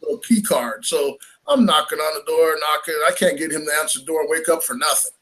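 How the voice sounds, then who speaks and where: High-voiced man telling a story. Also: brisk. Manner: animated, laughing, acts out quoted lines. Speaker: fishing tournament angler. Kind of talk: casual storytelling.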